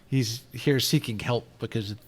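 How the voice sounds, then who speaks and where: A man's voice: medium pitch, a little slow. A man playing in an online tabletop game, checking the rules and explaining his character's actions with some hesitation. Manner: hesitant, reading rules aloud. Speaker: player. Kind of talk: casual chat at a tabletop game.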